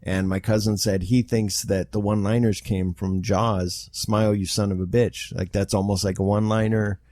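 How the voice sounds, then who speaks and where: A man with a lowish voice chats as a guest on a podcast, recorded dry and close. He is easygoing and agreeable and keeps saying yeah. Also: flat delivery, moderate pace, darkish tone, no echo. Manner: chatty, agreeable, many fillers of agreement. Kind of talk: casual chat.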